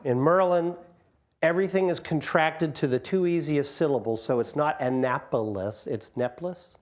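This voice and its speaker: A man's voice: on the high side, moderate pace. A man in his sixties, a guest speaker telling jokes and stories about his career to a community audience on a microphone. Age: 60s. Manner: joking, self-deprecating storyteller. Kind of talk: informal talk to an audience. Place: community hall.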